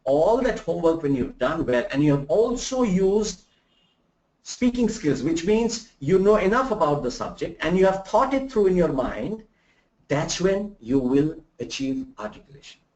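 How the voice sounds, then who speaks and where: A man from India giving a live remote soft skills lecture, animated, asking the audience rhetorical questions and demonstrating examples. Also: high-pitched, moderate pace. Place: room in Bangalore. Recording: roomy, dull lo-fi sound.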